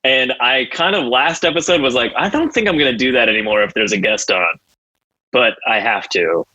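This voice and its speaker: A man's voice: medium pitch, fairly quick, bright, forceful tone, lo-fi sound. A man hosting a podcast in casual chat, telling stories and laughing at them often. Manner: chatty, laughs at his own stories. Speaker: podcast host.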